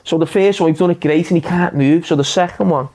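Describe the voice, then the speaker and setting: A man's voice: a little high, quick pace, a little mellow. A man, a former centre-back, recounting a match story in a matter-of-fact, self-deprecating way. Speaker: former footballer. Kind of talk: storytelling anecdote.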